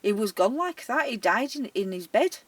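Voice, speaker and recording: Brief: care worker spinning a lively anecdote, mid-pitched, slightly off-mic. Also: normal speed, husky, no room sound. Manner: animated, dialect-heavy, often laughing, acting out the voices in the story. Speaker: storyteller. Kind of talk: personal anecdote, casual storytelling. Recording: voice a little distant from the mic.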